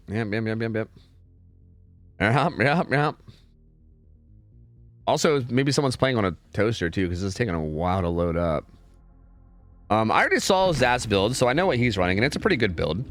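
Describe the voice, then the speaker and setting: A man casting game scrims on a live stream in a casual, chatty way, often repeating words in quick bursts. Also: mid-range voice, big pitch swings, no room sound, soft background music.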